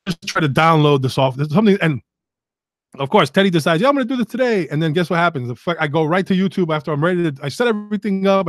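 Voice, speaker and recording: A man's voice: fairly high pitch, dry recording, clean studio sound. A middle-aged man, hosting his own podcast in casual, rambling, profane chat while he sets up a live stream. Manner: rambling and profane, muttering to himself. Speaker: podcast host.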